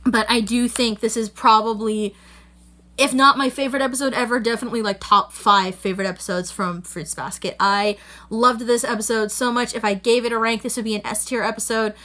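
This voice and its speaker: Bright, gushing young woman reviewing anime. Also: fairly high pitch, steady tone, a little fast. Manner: gushing, rambling, full of "like" and "you know". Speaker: anime reaction host. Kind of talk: casual anime episode review.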